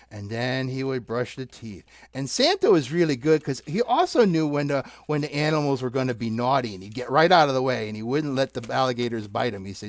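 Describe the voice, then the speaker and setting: Lively puppet show host, sing-song. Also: mid-range voice, fast, hardly any pauses, no echo. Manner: animated, sing-song, teasing with the audience. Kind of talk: playful puppet storytelling. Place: basement.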